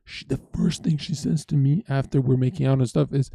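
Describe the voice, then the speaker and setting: A young man from Canada telling a story in casual chat, animated and profane, acting out what others said. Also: medium pitch, fairly quick, creaky, few pauses, dry recording. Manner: animated, profane, acts out quoted voices. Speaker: streamer host.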